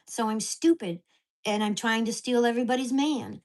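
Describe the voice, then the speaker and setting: A woman's voice: a little high, a little fast, darkish tone. A woman telling a heated, profane story about her neighbors in a casual vlog recorded at home. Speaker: vlogger.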